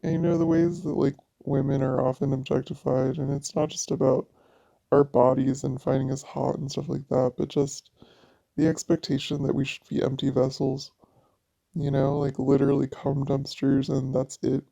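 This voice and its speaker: Woman with heavy vocal fry, venting. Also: very deep voice, normal speed, dark tone. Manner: raw, profane venting. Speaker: vlogger. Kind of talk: personal vlog monologue. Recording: dull lo-fi audio.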